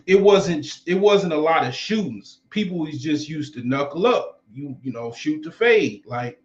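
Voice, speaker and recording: A man's voice: fairly high pitch, animated, a little slow. A man in his forties telling stories casually in a loose, rambling and profane way. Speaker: vlogger. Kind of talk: casual storytelling. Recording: roomy, slightly dull recording.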